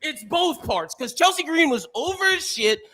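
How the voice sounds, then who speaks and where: A man's voice: extremely high pitch, sing-song, normal speed, pushed and bright. A young man co-hosting a casual podcast, ranting animatedly and swearing a lot. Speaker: podcast co-host.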